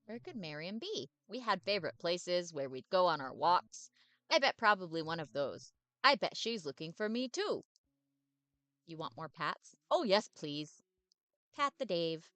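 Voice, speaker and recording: A woman voicing a cheerful, eager male dog ghost who talks loudly and excitably. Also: fairly low pitch, unhurried, no echo, full character voice. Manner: loud, bouncy and excitable.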